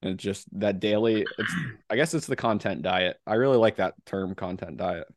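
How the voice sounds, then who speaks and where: Low-voiced man, dry close sound. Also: moderate pace, no room sound. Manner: relaxed, laughs often, many "like" fillers. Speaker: podcast co-host. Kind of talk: casual podcast chat.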